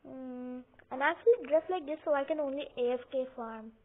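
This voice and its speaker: A young woman with a high voice talks fairly quickly, chatting casually while she plays a game on her couch at home, rambling, giggling and hesitating a lot. She hosts gaming videos, and her phone or computer mic, occasionally covered by her hand, yields tinny audio with a faint hiss.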